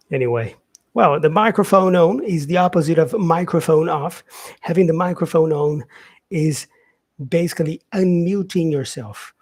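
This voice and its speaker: Man, english teacher, live stream lesson, slightly high voice, husky, lots of "yeah". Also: darkish tone. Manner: explains slowly, with many fillers and repeated "yeah". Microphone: facing camera, streaming live.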